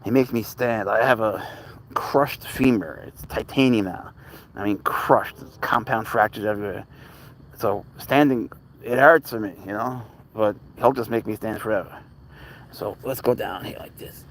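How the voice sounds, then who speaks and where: A man's voice: on the low side, moderate pace, a bit bright. Chatty man rambling on a live stream. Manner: rambling, conversational storytelling; coos baby talk to his cat. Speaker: livestream host and pet owner; teacher. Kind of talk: casual live-stream chat.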